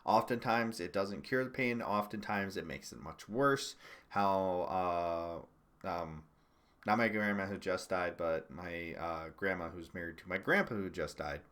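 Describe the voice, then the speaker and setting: A young man riffing through casual livestream political commentary in a lowish voice. He is sarcastic and swears freely, breaking into laughter between his remarks. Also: measured pace, a bit bright. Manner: profane, sarcastic, laughs often.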